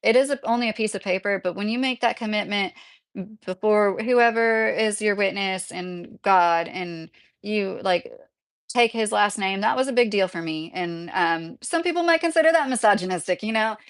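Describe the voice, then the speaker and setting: A woman's voice: medium pitch, moderate pace. Woman, middle-aged, casual livestream chat, rambling, earnest, lots of filler words. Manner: rambling and earnest, heavy use of "like".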